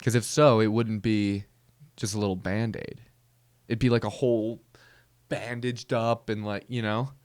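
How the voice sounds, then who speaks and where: Rambling low-voiced comedy podcast man. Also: unhurried, dry recording, clean studio sound. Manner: rambling, self-interrupting, deadpan. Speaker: podcast host. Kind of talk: comedic monologue.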